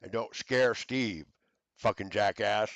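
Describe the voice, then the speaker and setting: A man's voice: lowish voice, slow pace, vocal fry, slight background noise. A man in an angry, profane rant to camera, stammering through fillers and hurling accusations. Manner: shouting accusations, stammering fillers, heavy cursing.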